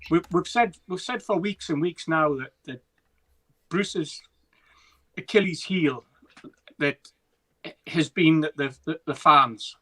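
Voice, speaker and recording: A man's voice: a little high, takes it slowly, pauses often, pushed and bright, slightly rough, low-quality recording. A man co-hosting a football podcast, talking emphatically and repeating words as he builds a point. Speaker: podcast co-host. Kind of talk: casual football chat.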